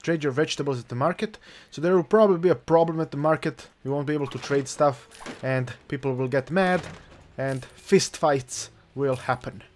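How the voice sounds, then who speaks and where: A man's voice: on the high side, normal speed, a little hiss or hum. A man casually commentating on his own gameplay, joking around, chuckling and throwing in mock-outraged swearing. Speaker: gaming channel host. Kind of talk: let's play commentary.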